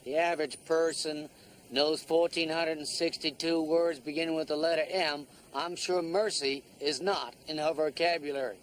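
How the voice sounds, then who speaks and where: Folksy con man, wheedling man, a touch high-pitched, TV drama. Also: fairly even intonation, normal speed, slight background noise, lightly acted. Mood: wry. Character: smooth-talking male con artist, folksy and wheedling. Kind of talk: TV drama acting.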